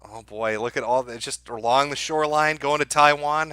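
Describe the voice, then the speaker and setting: A middle-aged man hosting a live stream, talking crudely and mockingly to his chat with deadpan asides. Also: mid-range voice, normal speed, clean tone, no room sound. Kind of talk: sardonic live-stream commentary.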